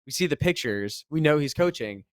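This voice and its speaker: A man co-hosting a casual podcast, telling a story with animation, rising loud when exasperated and swearing freely. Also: on the high side, expressive, normal speed, smooth, no room sound, clean studio sound. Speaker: podcast co-host, esports commentator.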